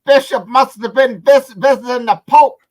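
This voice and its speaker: A man doing an impression of an excitable old male radio football announcer who yelps his catchphrases. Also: extremely high pitch, moderate pace, voice pushed up. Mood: excited.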